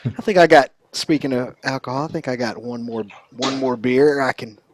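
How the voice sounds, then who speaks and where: A man's voice: medium pitch, normal speed, a little hiss or hum. A man in casual stream chat, friendly and agreeable, chiming in and backing others up. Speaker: guest on the stream.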